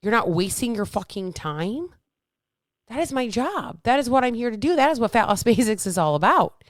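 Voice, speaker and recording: A woman's voice: on the high side, sing-song, moderate pace, no room sound, clean studio sound. A woman fitness coach hosting her podcast in a casual motivational talk, blunt and upbeat, swearing freely.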